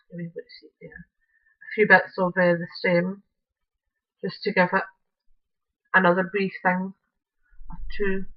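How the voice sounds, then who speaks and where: A woman's voice: mid-range voice, muffled recording. A woman chatting casually through a crafting show-and-tell video, rambling with fillers and restarts while chewing gum.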